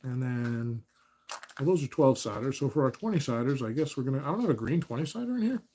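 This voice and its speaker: Man in a lively mock announcer voice. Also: mid-range voice, fast talker, a little hiss or hum. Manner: relaxed mock announcer delivery, dry asides. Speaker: host of tabletop baseball replays. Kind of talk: casual play-by-play of a tabletop baseball game. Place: home.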